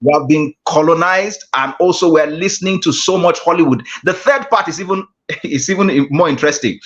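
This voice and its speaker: A man's voice: fairly high pitch, a bit bright. A man, a guest speaker teaching an online class, talking emphatically and repeating his key phrases. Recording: dull lo-fi call audio.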